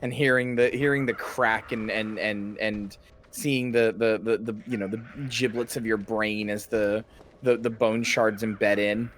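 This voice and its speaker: A man chatting casually while playing a game, teasing his friend with crude, deadpan dark humor. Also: fairly low pitch, measured pace, a little hiss or hum. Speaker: co-host of a game stream.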